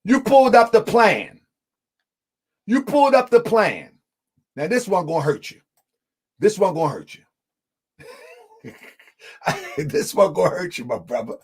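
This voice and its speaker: Debater: a man with a strikingly high voice, shouts his points and hammers them home with repeats. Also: sing-song, unhurried, long pauses, husky. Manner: emphatic, often shouting, repeats lines for effect; addresses the audience as family. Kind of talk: heated live debate.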